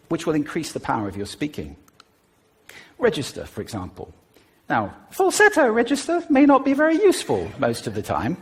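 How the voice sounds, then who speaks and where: A man giving a stage talk in an animated way, demonstrating voice techniques as he speaks. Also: mid-range voice, husky. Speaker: public speaker.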